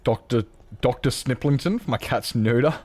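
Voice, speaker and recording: Streaming Minecraft, this Australian man rambles through casual chat, poking fun at himself with frequent restarts and laughter. He has a mid-range, somewhat dark voice at a moderate pace.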